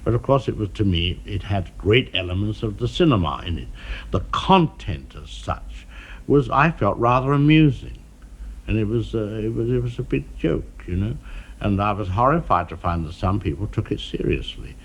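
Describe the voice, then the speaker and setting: A man being interviewed in an archival television conversation, speaking in a measured, dryly witty way, pausing often with "uh". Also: fairly low pitch, animated, husky. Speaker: film director being interviewed.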